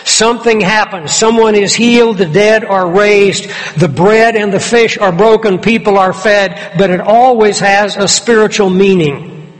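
Man, preacher, high voice, emphatic expository sermon, long reverb. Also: fairly even intonation, unhurried.

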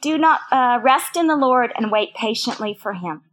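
A woman's voice: on the high side, expressive, moderate pace, a bit bright. An older woman teaching a women's Bible study, earnest and personal, repeating phrases for emphasis. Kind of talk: sermon.

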